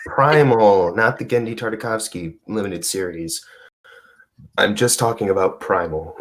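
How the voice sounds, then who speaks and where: Exasperated young man, lowish voice. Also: a little slow. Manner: exasperated ranting, stumbling restarts, heavy swearing. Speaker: podcast co-host. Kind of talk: casual movie preview chat.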